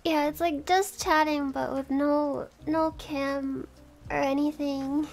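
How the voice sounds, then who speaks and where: A woman's voice: high-pitched, steady tone, takes it slowly, creaky. A woman streaming casual chat, giggly, thanking subscribers one by one. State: has the hiccups.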